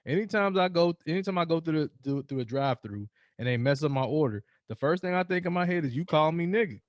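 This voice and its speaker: A man hosting a casual podcast chat, telling stories with animated, acted-out rants. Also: fairly high pitch, fast talker, dry recording, highs cut off. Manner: animated storytelling, acts out quoted rants. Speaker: podcast host.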